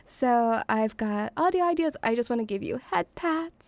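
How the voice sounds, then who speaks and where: A woman's voice: fairly high pitch, expressive, normal speed, vocal fry, few pauses, a little mellow, dry recording. Playful doting woman streamer. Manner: playful, doting, rambling, teasing. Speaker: VTuber streamer. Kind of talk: casual debut stream chat. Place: home room, near pubs.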